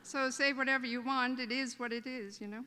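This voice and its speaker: A woman with an Irish accent hosting a convention, giving a warm, joking welcome speech. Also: sits high, steady tone, brisk, smooth. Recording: reverberant convention hall.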